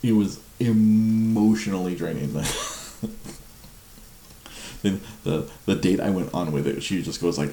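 A man's voice: low voice, a little slow, long pauses, mellow, reverberant, slight background noise. A man in his forties chatting casually at home at night, laughing a lot and mocking himself. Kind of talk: casual chat.

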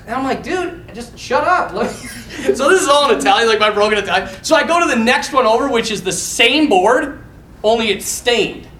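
A priest tells stories in a sermon, lively and animated, with pitch swinging up and down as he laughs along. The sound is roomy and echoing, picked up from well away from the mic. A faint hum sits underneath. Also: fairly quick. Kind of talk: storytelling sermon. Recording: echoey hall, mic far off, faint noise.

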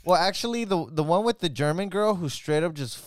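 A young man hosting a casual podcast chat, excitable and slangy, full of "bro" and exclamations. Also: high-pitched, fairly quick, dry recording, studio quality. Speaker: podcast co-host.

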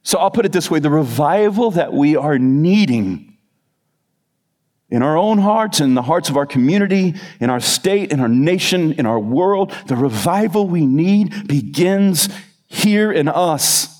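A male pastor delivers an earnest sermon, stacking phrases in rhythmic lists and slowing down to press key words home. His speaking voice sits fairly high for a man. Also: lively intonation. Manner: lowers to a quiet, soft voice in the closing appeal.

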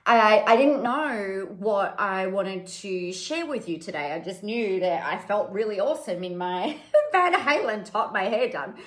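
A woman's voice: mid-range voice, lively intonation, measured pace, a bit bright. A woman giving a candid, chatty motivational talk, full of fillers and the odd swear word. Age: adult with children. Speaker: podcast host and business coach. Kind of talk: casual motivational monologue. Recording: echoey room.

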